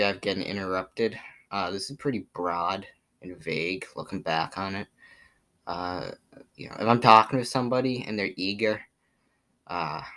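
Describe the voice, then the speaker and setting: Mildly fed up, a teenage vlogger from Boston lists his pet peeves in a loose, filler-packed monologue. His male voice sits low and sounds a bit bright.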